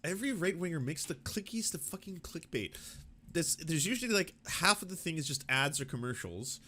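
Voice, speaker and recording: A man's voice: on the high side, animated, fairly quick, sharp tone, slight background noise. A man hosting a political reaction show, talking casually and profanely, with mocking asides. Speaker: political commentary host.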